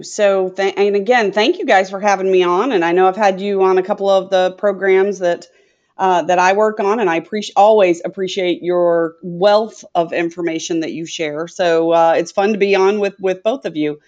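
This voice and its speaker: A woman's voice: medium pitch, normal speed, darkish tone. A middle-aged woman from Tennessee, a guest talking chattily in an interview, rambling with many filler sounds. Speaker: guest, sales consultant. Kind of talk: conversational interview. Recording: dull lo-fi audio.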